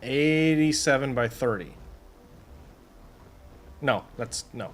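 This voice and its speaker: A man's voice: medium pitch, slow. A man casually talking to himself while playing a creature-taming game, chatting to his animals and muttering over stats. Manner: chatty, talks to animals and himself, swings from muttering to excited squeals. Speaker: streamer. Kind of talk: casual gameplay commentary.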